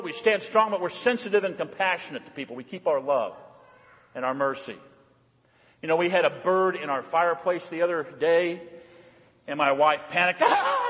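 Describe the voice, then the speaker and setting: A man preaching a sermon as pastor, emphatic and repetitive, often dropping to a quiet, intense delivery. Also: high-pitched, long reverb tail.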